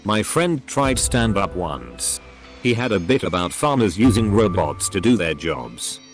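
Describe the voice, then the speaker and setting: A man's voice: on the low side, very animated, unhurried. A man reading forum posts aloud, speaking punctuation marks as words. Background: faint background music.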